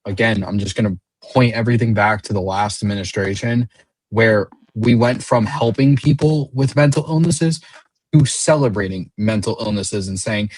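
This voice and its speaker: A man's voice: fairly low pitch, normal speed, a little mellow, no room sound, rough recording. A man in his late twenties, blunt and combative in a heated panel debate. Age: late 20s. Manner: blunt and combative, mocking voices. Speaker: panel guest.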